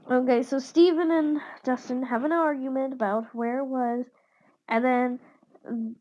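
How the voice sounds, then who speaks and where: A woman's voice: sits high, steady tone, a little slow. A young woman casually improvising a fan story, rambling and stumbling with many fillers and some whispered asides. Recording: dull lo-fi recording.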